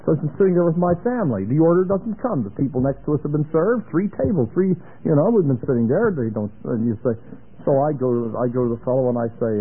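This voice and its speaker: A middle-aged man preaching a sermon, telling anecdotes and acting out the dialogue with animated storytelling. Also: medium pitch, quick pace, husky. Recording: tinny lo-fi phone-band recording.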